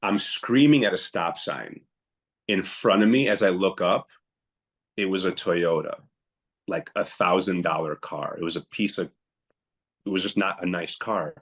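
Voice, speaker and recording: A young man with a very low voice, a guest on a podcast, recounting a hard personal story. He talks bluntly and with emphasis, often acting out what he said at the time. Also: unhurried, pauses often.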